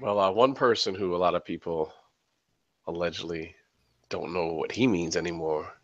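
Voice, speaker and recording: A man's voice: low-pitched, normal speed, fairly bright tone, no echo, muffled recording. A man co-hosting a podcast, asking questions in a playful, teasing casual chat. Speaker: podcast co-host.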